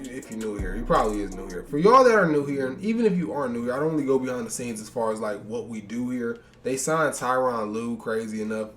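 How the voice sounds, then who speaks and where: A man's voice: mid-range voice, animated, quick pace, few pauses, fairly bright tone, faint music behind. A young man, chatting casually through a sports game simulation and reacting to player stats, tired and yawning after a long day of recording. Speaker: gaming YouTuber.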